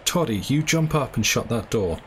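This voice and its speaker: A man's voice: mid-range voice, expressive, moderate pace, slight background noise, natural voice. A man reading the part of a coarse, vulgar stranger who talks rudely and boasts. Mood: boastful. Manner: rude, boastful.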